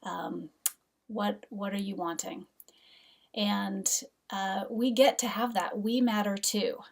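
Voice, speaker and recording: A middle-aged woman giving an earnest, gentle self-help talk as a mother, sometimes dropping to a soft whisper. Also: mid-range voice, steady tone, slow pace, recorded from a distance. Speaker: host, mother and coach.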